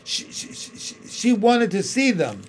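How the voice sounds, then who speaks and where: A man's voice: high-pitched, animated, unhurried, a little mellow, voice pushed up. A man voicing a frightened young boy who trembles and stammers as he speaks. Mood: trembling.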